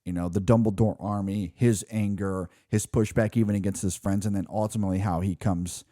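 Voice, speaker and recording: A man's voice: fairly low pitch, fairly even intonation, a little fast, dark tone, no echo, clean studio sound. A man co-hosting a film podcast, talking casually and rambling through his thoughts with frequent restarts and fillers. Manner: rambling, restarts often, says "like" and "you know". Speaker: podcast co-host.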